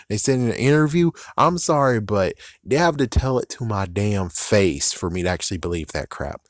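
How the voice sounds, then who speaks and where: A man's voice: lowish voice, animated, normal speed, few pauses, dry recording, studio quality. A young man ranting angrily about video games, swearing and mocking the fans he is angry at. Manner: angry, profane ranting with mocking quoted voices. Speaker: video game commentator. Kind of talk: rant vlog.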